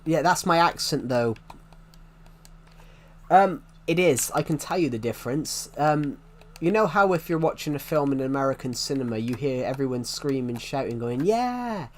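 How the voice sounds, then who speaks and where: A man's voice: medium pitch, moderate pace. A young man from the UK with a strong regional British accent, chatting casually with viewers on a game stream. He rambles and corrects himself as he answers chat. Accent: British regional, strong R sounds. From United Kingdom. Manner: rambling, self-correcting, answers chat questions as they come.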